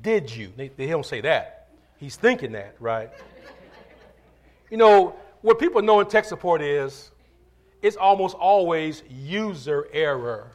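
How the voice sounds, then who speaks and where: Preacher guy, voice jumps all over, keeps asking for amens, chatty asides. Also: a little high. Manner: call-and-response preaching, asks for amens; conversational asides and storytelling. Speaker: pastor. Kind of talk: sermon.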